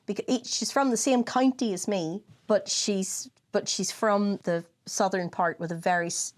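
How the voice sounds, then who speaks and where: A woman's voice: mid-range voice, normal speed. A Northern Irish woman co-hosting a podcast, chatting casually, laughing often and swearing as she acts out what people said. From Northern Ireland. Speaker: podcast co-host. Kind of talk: casual chat.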